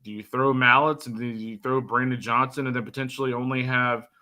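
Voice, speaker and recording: A man giving casual sports analysis as a co-host, measured and relaxed, leaning on filler phrases as he talks. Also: mid-range voice. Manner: measured, heavy on "you know" fillers.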